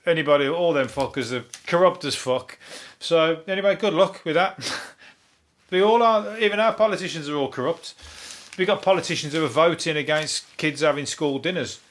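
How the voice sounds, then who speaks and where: A man's voice: a little high, normal speed. A man hosting a comic news monologue, rambling and swearing, laughing at his own jokes. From Birmingham, England. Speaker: comedian podcast host.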